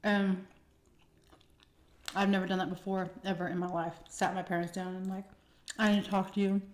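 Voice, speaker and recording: A young woman chats through a personal story between bites, animated, slipping into little acted-out quotes. Her voice sits at an ordinary middle pitch. The sound carries a noticeable echo from the room around her. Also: normal speed, a little hiss or hum. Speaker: mukbang storyteller. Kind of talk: casual storytime while eating. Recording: echoey room.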